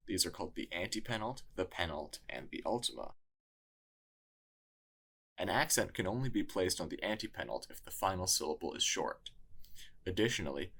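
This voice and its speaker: A man narrating a scripted lesson in a measured, explanatory way. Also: low-pitched, creaky, a bit bright, husky. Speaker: tutor.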